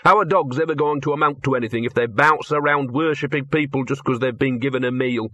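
A man's voice: medium pitch, quick pace, bright, forceful tone, highs cut off. A man voicing a scruffy, streetwise talking dog who grumbles and drawls in working-class dialect, read from an audiobook. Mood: grumbling.

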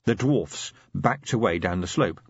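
Husky male audiobook narrator, lively delivery, dry and slightly dull recording. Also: mid-range voice, moderate pace, no room sound. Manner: lively, expressive storytelling. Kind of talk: scripted narration.

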